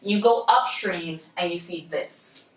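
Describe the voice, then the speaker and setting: A young woman presenting at a university, telling a story to students in a lively way and speaking to the audience directly. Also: on the low side, slow pace. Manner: lively, addresses the audience directly, acts out quoted voices. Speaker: presenter at a university civic engagement center. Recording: roomy, from a distance.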